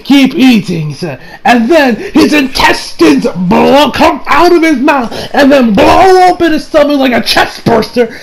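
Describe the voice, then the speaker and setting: A man recapping an anime episode in casual chat, excitable and swearing freely, breaking into laughter again and again. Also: very high voice, a little slow, creaky, few pauses, low-quality recording. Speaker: anime reviewer.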